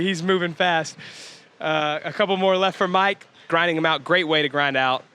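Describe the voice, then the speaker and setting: A man giving lively, chatty commentary on a workout in a gym, laughing often. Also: high-pitched, normal speed, clean tone.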